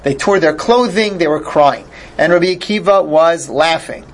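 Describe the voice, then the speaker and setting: A man's voice: fairly high pitch, moderate pace. A man teaching a Torah class, explaining each Hebrew phrase in English and restarting sentences as he thinks aloud. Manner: thinks aloud, with repeated starts.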